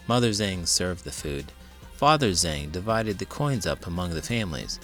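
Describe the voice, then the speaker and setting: Expressive man reading a picture book. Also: low-pitched. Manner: expressive, dramatic storytelling. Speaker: teacher and children's book reader. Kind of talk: children's read-aloud narration.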